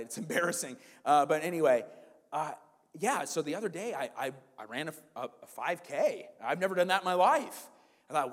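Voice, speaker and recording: Man, 40s, pastor preaching a sermon, shifts from loud to quiet, church hall reverb. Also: mid-range voice. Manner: swings from loud preaching to soft storytelling.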